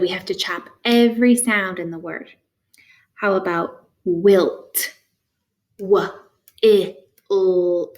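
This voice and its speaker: In this phonics lesson for young children, a woman speaks in a mid-range voice. She pauses for responses after each slow, clear prompt and keeps up a steady stream of praise.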